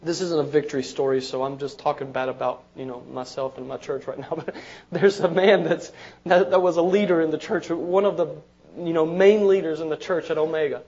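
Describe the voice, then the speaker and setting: A man's voice: fairly high pitch, fairly even intonation, brisk, darkish tone. A man preaching a sermon as pastor, conversational, repeating words and asking the congregation "amen?". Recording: dull lo-fi sermon recording.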